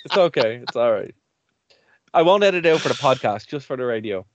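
A man's voice: medium pitch, sing-song, a little fast, dry recording, muffled recording. A man hosting a radio and podcast show, chatting casually, rambling and laughing often. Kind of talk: casual chat.

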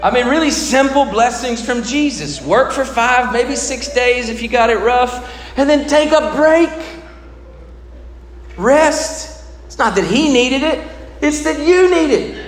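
Man, pastor preaching, high voice, roomy echo, faint background noise, animated with hushed low stretches. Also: measured pace. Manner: animated preaching, swinging between loud emphasis and hushed low delivery. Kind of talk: sermon.

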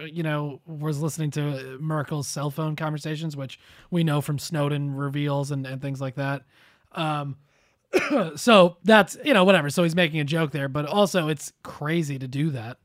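A man's voice: fairly high pitch, fairly bright tone, dry recording, clean studio sound. A man co-hosting a political podcast, casual, sarcastic and loose, with some swearing. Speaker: podcast co-host.

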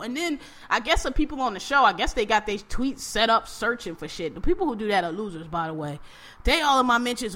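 A woman hosting a casual chat, ranting with profanity and quick animated emphasis. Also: a little high.

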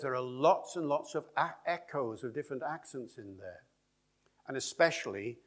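A man giving a public lecture in a lively, discursive way, with chatty asides. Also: medium pitch. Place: lecture hall with an audience.

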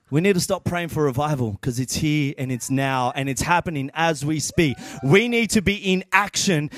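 High-voiced, energetic young-sounding preacher man. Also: no echo, studio quality. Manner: energetic, repeats words, casual slang. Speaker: church volunteer preacher. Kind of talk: informal sermon.

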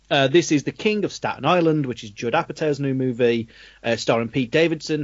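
A man, co-hosting a podcast and chatting through a film review, quick to laugh. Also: mid-range voice, no echo. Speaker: podcast co-host. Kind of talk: casual film review chat. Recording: dry, dull lo-fi recording.

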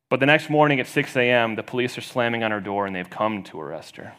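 A man's voice: expressive, quick pace, hardly any pauses. Man preaching with rising intensity. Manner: storytelling, rising loud and high for quoted voices. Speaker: pastor. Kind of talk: sermon.

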